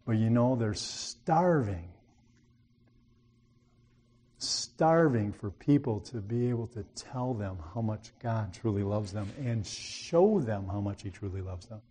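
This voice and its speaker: A man's voice: lowish voice, lively intonation, moderate pace, hardly any pauses, dark tone, breathy edge. A man preaching a sermon, telling a story in a folksy, earnest way and rising to emphatic appeals.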